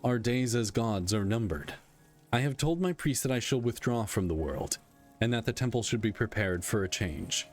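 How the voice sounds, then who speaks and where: A man reading aloud the lines of a weary male god-king who speaks dryly and candidly, in a plain, measured voice. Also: lowish voice, expressive, soft background music, close to an everyday voice. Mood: solemn.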